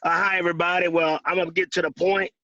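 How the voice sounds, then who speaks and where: Man with a high voice, insurance agent sharing closing tips; dry, dull video-call sound. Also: little pitch movement, quick pace, bright, forceful tone, no room sound. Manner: driven, emphatic, repeats key phrases. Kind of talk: motivational sales talk on a video call. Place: secluded room at home.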